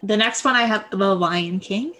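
A young woman co-host in casual chat, going briskly through a list and teasing her partner. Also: medium pitch, bright, forceful tone. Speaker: podcast co-host.

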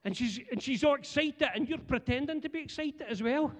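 A middle-aged man with a Scottish accent preaching a humorous sermon, animated and joking as he talks to the congregation. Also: very high voice, fairly quick, few pauses. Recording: long church hall reverb.

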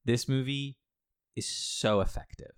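A man's voice: medium pitch, a little slow, smooth, no echo, studio quality. A man co-hosting a podcast, chatting casually and emphatically about a film and swearing freely. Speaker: podcast co-host.

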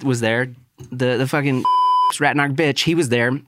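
A young man telling a personal story in a casual, profane way, with fillers and sudden excited outbursts. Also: measured pace, no room sound, clean studio sound. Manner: profane, animated, rising to high-pitched outbursts.

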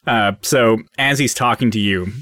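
A man's voice: mid-range voice, normal speed, fairly bright tone, no echo, clean studio sound. A man narrating as game master of a tabletop game, rambling with many fillers.

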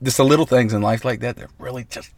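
A man hosting a comedic mock radio broadcast, excitable, rambling and mock-earnest, talking from inside a parked car. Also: mid-range voice, quick pace, noisy background. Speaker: host. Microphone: close mic in a parked vehicle.

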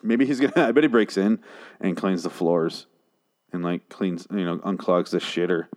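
A podcast host with a fairly low, darkish voice rants through a TV episode recap, casual and sarcastic. Exasperated and swearing freely, he drops brief, jokey mocking voices for the characters.

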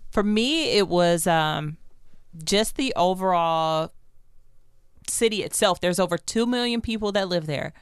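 A podcast guest describing a city visit in casual, relaxed chat. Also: medium pitch, unhurried, smooth, no room sound, studio quality.

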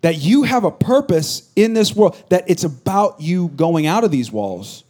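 High-voiced joking pastor preaching. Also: male voice, big pitch swings, a little slow, a little mellow. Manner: conversational, joking preacher with rising emphatic bursts. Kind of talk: sermon.

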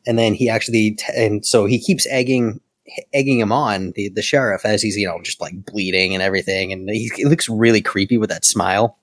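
A man's voice: on the low side, steady tone, a little fast, no room sound. A man co-hosting a podcast, recapping a comic book in a rambling, casual way and laughing now and then. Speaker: podcast co-host.

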